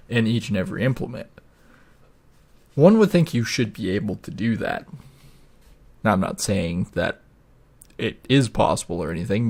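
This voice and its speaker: A man hosting a gaming video, rambling and ranting with plenty of swearing in casual gameplay commentary. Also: fairly low pitch.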